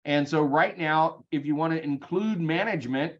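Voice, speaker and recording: A man leading a sales team meeting, energetic and chatty, with frequent ums, over a video call. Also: fairly high pitch, normal speed, dull audio. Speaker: real estate team leader.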